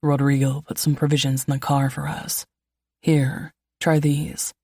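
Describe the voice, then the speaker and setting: Woman reading the part of a calm protective guy, firm and low, audiobook. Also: measured pace, creaky, heavily acted. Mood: firm caring. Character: protective, commanding man, a caring leader.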